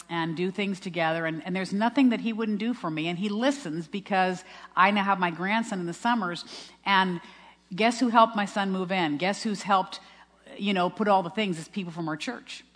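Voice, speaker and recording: A woman's voice: mid-range voice, normal speed. A woman in her sixties giving a heartfelt personal testimony, telling her story earnestly with frequent restarts. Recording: long reverb of a large hall.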